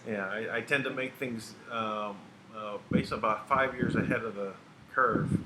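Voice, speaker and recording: A man hosting a casual chat, speaking haltingly with hesitant fillers. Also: lowish voice, steady tone, low-quality recording. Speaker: host. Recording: loud hiss and air conditioning hum.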